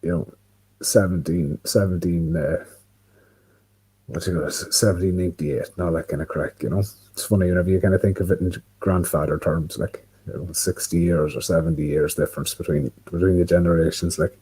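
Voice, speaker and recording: An Irish man hosts a livestream from indoors by a window, casually talking to himself in a rambling way laced with fillers and swear words. He speaks a little fast in a low, steady, mellow voice with a breathy edge, on a low-quality recording.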